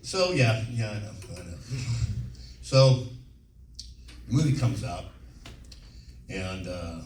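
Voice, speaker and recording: A man's voice: lowish voice, animated, takes it slowly, a little mellow. A man in his sixties telling rambling, profane anecdotes with frequent laughs as a guest on a convention panel. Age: 60s. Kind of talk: casual storytelling on stage. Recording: echoey hall, distant mic, faint hiss.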